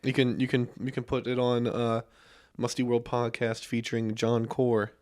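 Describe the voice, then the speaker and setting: A man's voice: mid-range voice, monotone, moderate pace, darkish tone. A young man, a podcast guest, telling stories in a rambling, casual way with many restarts. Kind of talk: casual chat.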